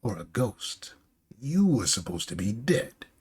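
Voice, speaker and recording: A man's voice: on the low side, very animated, a little slow, darkish tone, husky, heavily acted. A man voicing a panicky, insulting villainous male shogun who shrieks and sputters in frantic outbursts.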